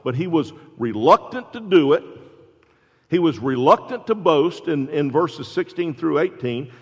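A pastor preaching a sermon, building to loud, emphatic exclamations. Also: male voice, medium pitch. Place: church sanctuary. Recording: dull sound with long hall reverb.

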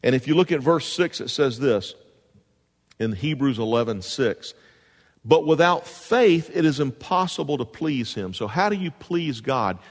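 A man's voice: medium pitch, animated, unhurried, in a large hall. A man preaching a sermon to a congregation, rising into emphatic bursts and asking the room questions. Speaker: pastor. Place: church sanctuary.

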